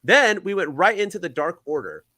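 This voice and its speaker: A man co-hosting a podcast, recapping wrestling in a rambling, exasperated, animated way. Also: high voice, normal speed, no room sound. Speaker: podcast co-host. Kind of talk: casual wrestling chat.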